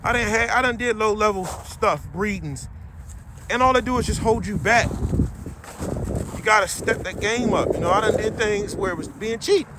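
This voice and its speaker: A man's voice: high voice, moderate pace. Blunt slangy man ranting outdoors. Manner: blunt, preachy, slangy advice. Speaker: dog breeder. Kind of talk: outdoor vlog rant. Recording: loud wind and boat noise.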